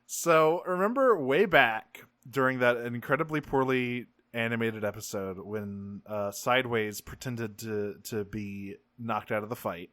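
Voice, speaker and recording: A man co-hosting a podcast recaps a cartoon episode in casual, profane chat, animatedly acting out the characters' lines in quick voices. His voice is medium-pitched, with no room sound.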